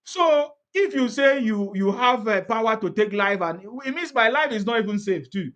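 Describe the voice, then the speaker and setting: A man's voice: high voice, lively intonation, normal speed, fairly bright tone. A man with a Nigerian accent in casual political chat, laughing often, repeating himself and asking rhetorical questions.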